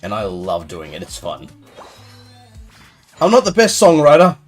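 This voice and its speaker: A man's voice: on the low side, wildly swooping pitch, unhurried, soft background music. A young man chatting casually with his viewers while playing a game live, rambling and playful as he answers chat. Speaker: gaming streamer.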